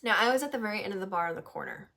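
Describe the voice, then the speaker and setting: A woman from New Hampshire telling a story in casual chat, animated and swearing, laughing often. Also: mid-range voice, rapid-fire, creaky. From New Hampshire, USA. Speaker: podcast host.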